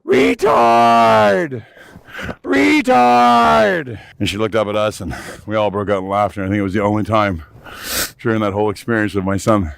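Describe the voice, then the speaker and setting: A middle-aged podcast host and company boss chats while snowshoeing on a snowy trail, a little out of breath, boisterous, joking and profane. His fairly low voice is fast, clear and resonant with a level tone, and there's no echo.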